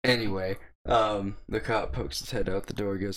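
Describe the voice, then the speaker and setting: A young man casually telling a long, profane story with a wry, deadpan edge, co-hosting a podcast. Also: lowish voice, normal speed. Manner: profane, wry, deadpan delivery of quoted lines. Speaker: podcast co-host.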